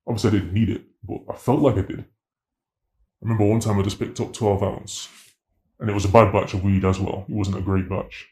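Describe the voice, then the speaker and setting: A man, telling his story in an interview in a slangy, animated way and acting out dialogue. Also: fairly low pitch, fairly quick, roomy sound. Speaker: interviewee, former drug dealer.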